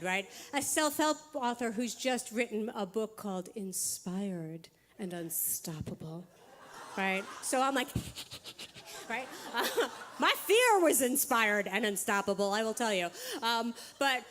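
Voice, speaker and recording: A woman giving an inspirational talk to a live audience, telling a self-mocking story in quick bursts, laughing often and checking in with "right?". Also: medium pitch, noisy background. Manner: rapid bursts with frequent "right?" asides. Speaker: motivational speaker. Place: spiritual center hall.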